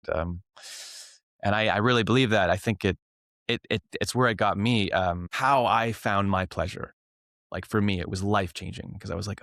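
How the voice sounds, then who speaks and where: In a casual interview, a young Canadian clown and improv teacher spins animated stories, performing the voices of his classroom. He speaks at normal speed in a fairly low voice, and the recording is dry and studio quality.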